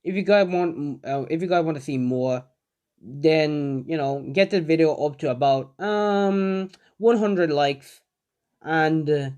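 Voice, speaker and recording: A man's voice: fairly high pitch, slow pace, darkish tone, clear, resonant tone, dull audio. A young man casually narrating a fan story, rambling with many fillers.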